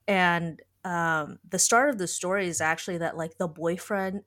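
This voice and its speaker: A woman's voice: on the low side, steady tone, moderate pace, fairly bright tone. A woman podcast host in casual chat, retelling a story in a rambling way full of "like.". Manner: rambling, heavy use of filler "like".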